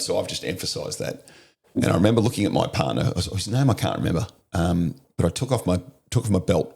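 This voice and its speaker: A man's voice: low voice, vocal fry, darkish tone. A middle-aged Australian man telling a story as a podcast guest, blunt and vivid, with some swearing. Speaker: podcast guest, former police officer. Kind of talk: storytelling in an interview.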